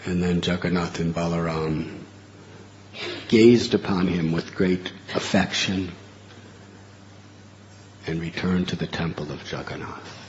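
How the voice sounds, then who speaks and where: Man, preacher, sermon storytelling, slow delivery, dull muffled recording. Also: low voice, a little hiss or hum. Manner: animated, laughs while telling story.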